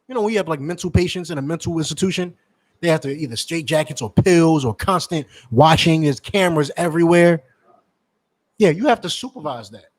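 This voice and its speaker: Guy preaching hard, higher-ish voice, keeps asking you understand, dry sound. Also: dry recording, poor audio. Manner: forceful, repetitive, rhetorical questions. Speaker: teacher addressing members. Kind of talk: street-preacher style sermon.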